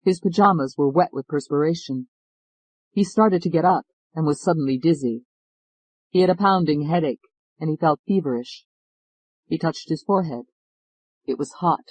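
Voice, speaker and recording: A man narrating an audiobook in an even, measured storytelling manner, on a close studio mic. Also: fairly high pitch, dry recording, rough recording. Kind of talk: scripted narration.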